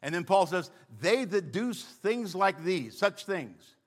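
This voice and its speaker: An older man preaching a sermon as pastor, telling a story with animated bursts of emphasis. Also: sits high, slow.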